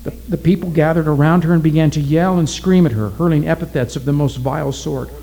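A man narrating a story aloud in a steady, deliberate reading style. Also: fairly high pitch, vocal fry, low-quality recording.

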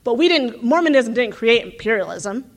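A woman from the United States speaks in a slightly higher than usual register, earnest and animated. She thinks aloud and breaks up her points with little asides and rhetorical checks. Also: moderate pace. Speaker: graduate student. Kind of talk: reflective talk.

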